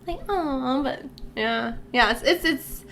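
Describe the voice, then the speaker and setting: A woman co-hosting a book podcast, recapping the story in a casual chat and slipping into quick quoted lines of the characters. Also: sits high, expressive, sharp tone.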